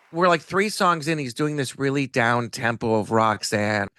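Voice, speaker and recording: A middle-aged man telling a profane story on a podcast, acting out each person's lines with animation. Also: fairly high pitch. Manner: animated, profane, acts out the dialogue. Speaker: guest storyteller. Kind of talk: anecdote told for a podcast.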